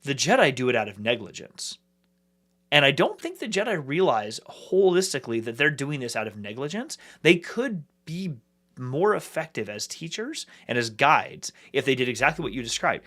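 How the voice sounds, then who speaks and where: A man co-hosting a podcast, talking in a casual, animated way, thinking aloud with many restarts. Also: mid-range voice, normal speed. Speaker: podcast co-host. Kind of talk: casual discussion.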